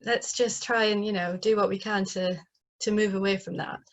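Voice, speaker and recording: A woman's voice: mid-range voice, fairly even intonation, moderate pace. A woman from northeast England with a northeast English accent, a playwright talking casually in an interview, chatty and full of fillers and restarts, heard over a video call. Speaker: playwright guest.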